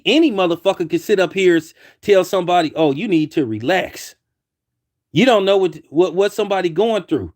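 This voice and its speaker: A man giving a heated opinion commentary, repeating himself and restarting lines as he argues his point. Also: high-pitched. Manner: heated, repetitive, many restarts.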